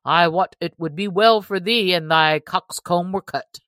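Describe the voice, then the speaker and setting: A woman reading aloud and voicing a big, hearty male yeoman who is slow to anger, speaking in booming old-fashioned English. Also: a bit bright, no echo. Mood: angry.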